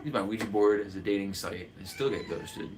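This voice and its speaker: A man's voice: fairly low pitch, huge pitch swings, fairly quick, noisy background. A man from the United States who runs the chat on a live cooking stream, rambling and joking and laughing often. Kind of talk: casual livestream chat.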